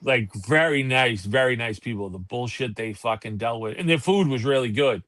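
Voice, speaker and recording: A man, co-hosting a casual talk show and telling profane, animated stories. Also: medium pitch, moderate pace. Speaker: podcast co-host. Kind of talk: casual chat.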